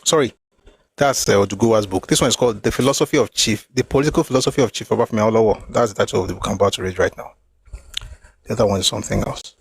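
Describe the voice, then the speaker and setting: A man's voice: fairly low pitch, very fast, creaky, breathy edge, dry recording, rough recording. A man hosting a talk show, reading from a book and explaining each point with emphatic repetition. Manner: emphatic, repeats phrases to drive points home. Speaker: host.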